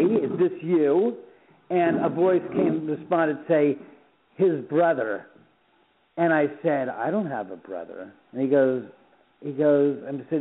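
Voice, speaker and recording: A middle-aged man from Los Angeles, a radio guest telling animated stories and acting out the dialogue, often repeating words as he goes. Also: fairly high pitch. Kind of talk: phone interview, storytelling. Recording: tinny phone line.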